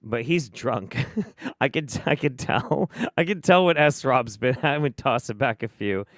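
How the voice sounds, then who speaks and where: A man's voice: medium pitch, a little slow, no room sound. Sarcastic, swearing American man, dry sound. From United States. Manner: sarcastic, profane, mocking. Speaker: host. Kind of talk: commentary on clips.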